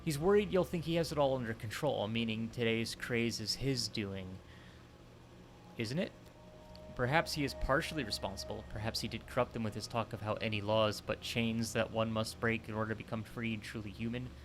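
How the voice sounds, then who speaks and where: A man voicing a calm, mysterious male reflection who speaks as someone's conscience, in a soft, measured, confiding way, on a headset mic. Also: lowish voice, soft background music, lightly acted.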